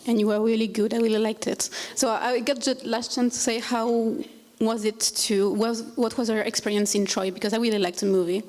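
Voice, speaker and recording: A woman's voice: fairly high pitch, level tone, a little fast, a little mellow. A woman in the audience eagerly asks the guest a question. Her voice stays level, with little rise and fall.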